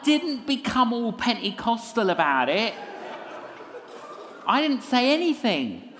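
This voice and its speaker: This minister's voice is very high-pitched and slow, broken by long pauses, with a slight hiss or hum in the audio. Lecturing as an evangelist, he spins a story full of self-deprecating humor, performing the characters' voices with lively animation.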